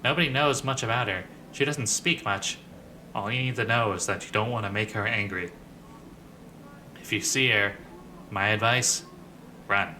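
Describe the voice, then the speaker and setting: A man's voice: on the low side, normal speed, long pauses, sharp tone, slight background noise. A man voicing a wisecracking floating male skull who gives blunt, offhand warnings in a video game. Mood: wry.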